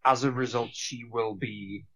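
A man's voice: medium pitch, steady tone, measured pace, a bit bright. A man co-hosting a casual film-review chat, hesitant, full of fillers and restarts, swearing casually. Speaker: podcast co-host.

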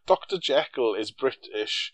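A man's voice: medium pitch, lively intonation, measured pace, dry recording. A man co-hosting a casual film-review chat, sarcastic and jokey, swearing freely. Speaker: podcast co-host.

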